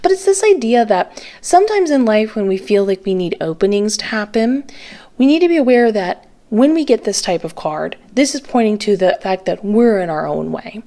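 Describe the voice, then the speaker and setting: Woman, tarot reader vlogging; casual and rambling with frequent fillers, pitch jumps on key words. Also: animated, normal speed, mellow. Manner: chatty, many fillers, pitch jumps up when stressing words. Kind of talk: casual to-camera card reading.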